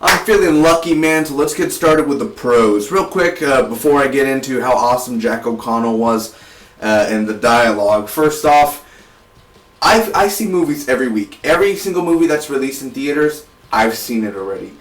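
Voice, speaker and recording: An eighteen-year-old man from South Texas, reviewing a movie in an energetic, rambling way with many restarts. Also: mid-range voice, normal speed, distant mic. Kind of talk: casual movie review vlog. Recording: roomy, voice set back from the mic.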